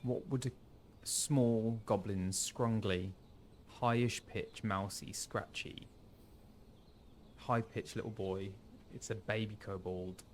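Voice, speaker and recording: A man's voice: fairly low pitch, steady tone, slow, a little hiss or hum. A man giving casual, playful gameplay commentary, musing aloud to himself. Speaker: streamer playing a game.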